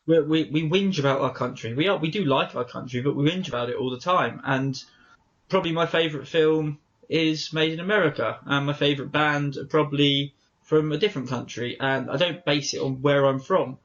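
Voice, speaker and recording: Here an English podcast co-host rambles through casual stories, correcting himself constantly. He speaks briskly in a fairly high, slightly bright voice, though the audio is dull.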